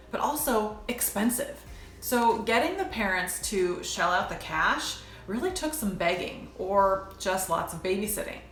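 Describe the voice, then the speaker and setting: A woman's voice: medium pitch, fairly bright tone. Brief: woman, 40s, casual and conversational vlogger, roomy echo, faint music behind. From United States. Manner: conversational, addresses viewers as "you guys". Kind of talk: personal storytelling vlog.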